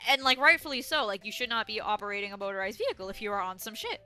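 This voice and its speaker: A woman's voice: medium pitch, expressive, rapid-fire, bright, forceful tone, faint music behind. A young woman livestreaming as she plays a game, rambling through stories and chat with plenty of swearing, her throat dry and a little sore. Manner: rambling, chatty storytelling with frequent swearing. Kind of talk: casual chat while gaming.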